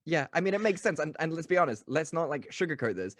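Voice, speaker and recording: A man's voice: a little high, expressive, quick pace, fairly bright tone, no echo. Man, podcast co-host, joking, rambling, dry close recording. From South Africa. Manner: joking, rambling, laughs often. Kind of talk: casual chat.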